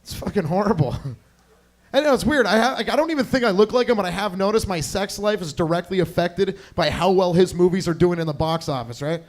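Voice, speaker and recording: A man's voice: high-pitched, brisk. A young man doing a crude, rambling stand-up set, chatting with the crowd on a club stage. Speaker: stand-up comedian.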